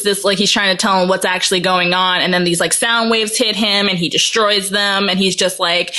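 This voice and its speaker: Woman, mid pitch, animated plot-recapping podcast co-host. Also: normal speed, few pauses. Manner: animated retelling, laughs often. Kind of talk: casual chat.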